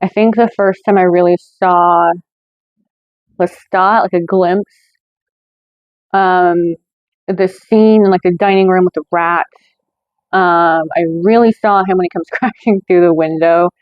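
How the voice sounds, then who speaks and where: Lady doing a movie review on her channel, kinda low voice, lots of ums, dry muffled sound. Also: fairly even intonation, unhurried, pauses often, no echo. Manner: chatty, with frequent fillers and self-corrections. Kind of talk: casual scripted review.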